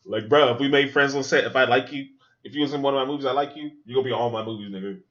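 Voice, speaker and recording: A man's voice: mid-range voice, racing, lo-fi sound. A man hosting a podcast, talking casually and with profanity as he reacts aloud to a movie. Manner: animated, profane, thinks aloud with asides. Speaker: podcast host watching a movie.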